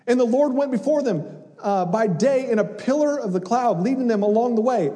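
A man preaching a sermon, animated and conversational, acting out voices with humor. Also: extremely high pitch, brisk, long reverb tail. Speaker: pastor.

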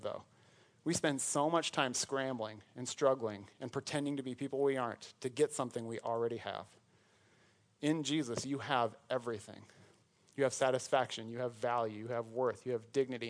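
A man preaching a sermon to his church, conversational and joking, breaking into asides and laughs as he retells a Bible story. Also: mid-range voice. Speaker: pastor.

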